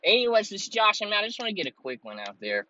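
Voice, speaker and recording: A man's voice: high-pitched, sing-song, fast, pushed and bright, muffled recording, a little hiss or hum. A man hosting a solo podcast from his car, delivering a heated, profane, rambling rant. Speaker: podcast host. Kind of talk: ranting solo podcast recorded while driving. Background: air conditioner running.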